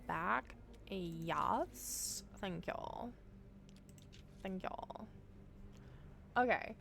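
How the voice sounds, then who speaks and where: A woman's voice: mid-range voice, lively intonation, very slow, vocal fry, a bit bright, a little hiss or hum. A woman live streaming from home, chatting casually and swearing freely as she talks straight to her viewers while setting up a game.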